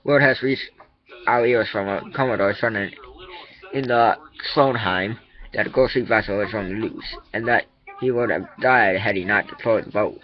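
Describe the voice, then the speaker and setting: A man's voice: lowish voice, normal speed, muffled recording, lightly acted. A man voicing a ship's captain described as harsh, read plainly. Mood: urgent. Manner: plain reading with a slip.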